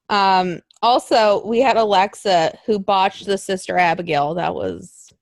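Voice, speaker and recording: A woman co-hosting a casual wrestling podcast, animated and blunt, acting out quotes in higher voices and swearing now and then. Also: slow, gravelly, no room sound, clean studio sound. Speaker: podcast co-host.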